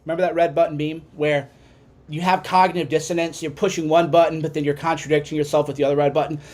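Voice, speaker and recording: A man hosting a podcast, giving an impassioned ranting monologue that swings from quiet musing to shouting. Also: on the high side, level tone, quick pace. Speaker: podcast host.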